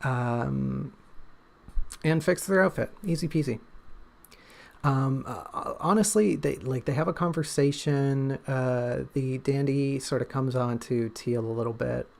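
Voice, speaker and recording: A man with a gravelly, slightly creaky voice talks casually on a livestream. He is an author who rambles, jokes and pokes fun at himself as he goes, his pitch sitting in an ordinary middle range. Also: unhurried. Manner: rambling, joking, self-deprecating. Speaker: author and streamer.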